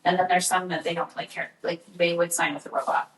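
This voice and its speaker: A woman's voice: on the low side, fairly even intonation, fast. Chatty middle-aged woman in an echoey room. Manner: chatty, storytelling, laughs easily. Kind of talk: casual podcast chat. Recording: echoey room, distant from mic.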